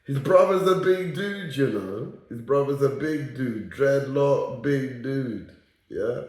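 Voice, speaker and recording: A man's voice: medium pitch, lively intonation, slow, a little mellow. A young man telling a story casually, repeating lines for emphasis and checking in with "yeah?". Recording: echoey room.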